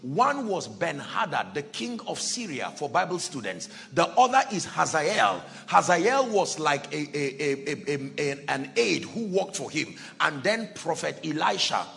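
Gravelly, animated male preacher. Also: unhurried, few pauses. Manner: dramatic storytelling, swings between loud exclamations and low quiet lines. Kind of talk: sermon.

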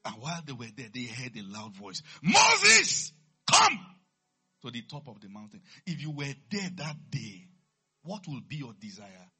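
A man preaching a sermon, reading scripture low and measured, then building to loud, high-pitched shouts. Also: lively intonation, faint music behind.

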